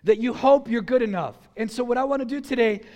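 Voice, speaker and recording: A middle-aged man preaching a sermon, telling a childhood story in a conversational, animated way and acting out the voices. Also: very high-pitched, fast. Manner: animated, acts out his own and others' voices in the story; conversational, frequent fillers like "you know" and "like". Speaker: pastor.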